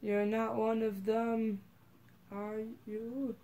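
A woman's voice: fairly high pitch, little pitch movement, very slow, dark tone, a little hiss or hum. A woman doing Cappy, a shy, jumpy hat spirit. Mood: timid. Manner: hesitant, stammering, apologetic.

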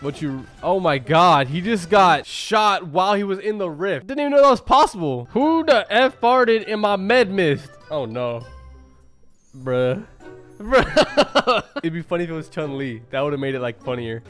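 In a reaction video, a man whose voice sits high chats casually and with excitement, shooting off fast exclamations and addressing everyone as "bro." Soft music plays in the background.

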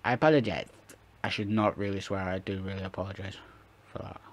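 A man commentating live on his football-management game, chatting to viewers and shouting and swearing at the match as it plays. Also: deep voice, fairly even intonation, fairly quick. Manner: talks to viewers, chatty and rambling. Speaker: gaming YouTuber.

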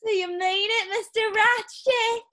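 A woman voicing a timid little farm girl in a comedic stage play, speaking in a squeaky, small voice. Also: steady tone, unhurried, bright, forceful tone, heavily acted.

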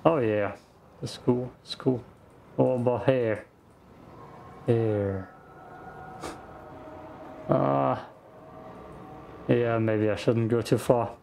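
A man's voice: medium pitch, fairly even intonation, very slow, creaky, long pauses, darkish tone. A man giving laid-back let's play commentary over a game, musing as he plays. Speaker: gaming YouTuber. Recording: faint background noise.

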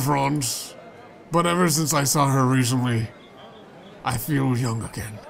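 A man's voice: on the high side, vocal fry, a bit bright. A man playing a story game, reading its dialogue aloud in a playful way and switching voices for the characters. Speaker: let's play gamer.

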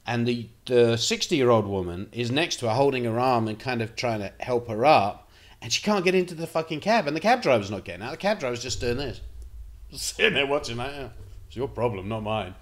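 A man tells stories to his camera with a lively voice that swoops up and down as he goes. He rambles, swears freely and keeps the talk casual, at a middle pitch. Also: a little fast. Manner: animated, profane, rambling anecdotes. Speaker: vlogger.

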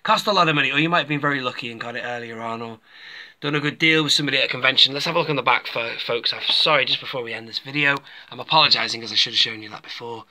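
A man's voice: mid-range voice, very fast, sharp tone. A man giving a casual, rambling toy review and talking to his viewers as folks.

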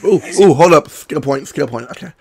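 Let's play gamer, sick man with a cracking, high voice, swings wildly, rambles and swears. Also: animated, fairly quick. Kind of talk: casual gameplay commentary.

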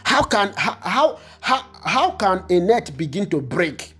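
Fervent preacher with a husky voice. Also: male voice, high voice, sing-song, measured pace, sharp tone, soft background music. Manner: fervent preaching with repetitions and prayer in tongues. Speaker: pastor. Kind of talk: online prophetic sermon and prayer.

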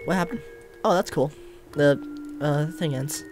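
A man giving casual, halting let's play commentary, full of restarts and uhs. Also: a little high, faint music behind. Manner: rambling, halting, full of uhs and self-corrections.

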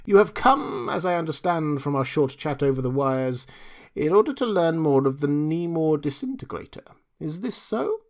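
A man's voice: on the high side, expressive, moderate pace. A man putting on a velvety, sly inventor with a faint foreign lilt. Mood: ingratiating. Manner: obsequious, smug and sly. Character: cunning, oily middle-aged male inventor selling secrets. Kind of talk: audiobook character reading.

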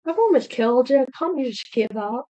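A woman giving casual let's-play commentary, excitable and talking aloud to the animals in her game. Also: sits high, brisk, low-quality recording. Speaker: gameplay streamer.

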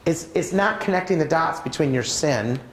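A man giving a preaching talk at a church conference, telling personal stories in an animated way. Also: normal speed, a little hiss or hum. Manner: animated, swings pitch widely while acting out stories. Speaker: conference speaker. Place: church auditorium. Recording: roomy church hall sound.

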